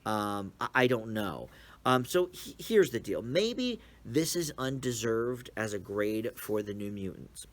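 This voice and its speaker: A man's voice: fairly low pitch, very animated, measured pace. A man giving a casual, rambling movie review with many fillers and restarts, speaking from inside a small movie theater.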